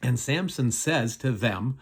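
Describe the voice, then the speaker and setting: A man's voice: medium pitch, animated, takes it slowly, breathy edge. A middle-aged man, a pastor, casually retelling a Bible story in a chatty, folksy way with many fillers.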